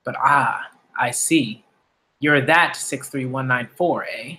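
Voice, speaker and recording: A man's voice: medium pitch, slow, bright, forceful tone. A man reading aloud the lines of a gleeful, cruel male demon aristocrat who hunts people, smug and relishing each word.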